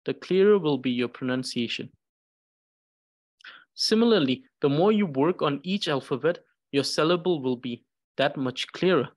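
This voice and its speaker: A man's voice: on the high side, expressive. A man teaching Tibetan pronunciation, patiently repeating syllables one at a time. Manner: slow and patient, repeats each syllable many times. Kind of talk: pronunciation lesson, reading syllables aloud.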